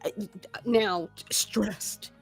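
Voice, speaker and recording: A woman co-hosting a casual podcast, talking in an animated way with laughs and many restarts. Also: medium pitch, very slow, creaky, faint music behind. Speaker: podcast co-host. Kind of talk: casual chat.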